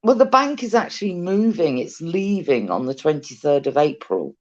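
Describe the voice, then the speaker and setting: A chatty British speaker with a cheeky, teasing way of talking who loves telling a story. The pitch swoops up and down with every line. It comes over a video call that sounds muffled and lo-fi. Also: very animated, moderate pace. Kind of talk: casual chat.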